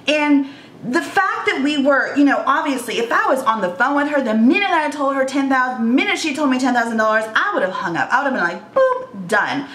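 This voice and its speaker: Woman, 30s, vlogger; high-pitched, earnest and emotional, echoey room. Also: lively intonation, a little fast, fairly bright tone. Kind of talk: storytime vlog.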